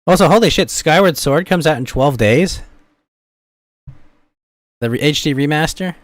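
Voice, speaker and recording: A man's voice: on the high side, animated, normal speed, no echo. A man hosting a streamed podcast, joking around and answering his chat. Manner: playful, reads and answers chat.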